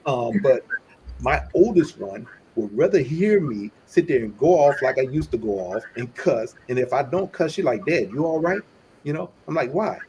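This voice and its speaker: A man's voice: mid-range voice, moderate pace, a little hiss or hum, low-quality recording. Blunt, cursing middle-aged man. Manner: blunt, heavy cursing, animated storytelling. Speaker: podcast co-host. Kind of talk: casual live talk show chat.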